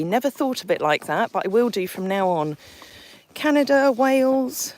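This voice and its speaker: A woman's voice: fairly high pitch, animated, moderate pace, darkish tone, poor audio. An Englishwoman hosting a live stream outdoors, chatting casually as she reads out where her viewers are from. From England. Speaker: horse sanctuary owner hosting a livestream. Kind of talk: live-stream chat while riding a horse. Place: outdoors on a country lane.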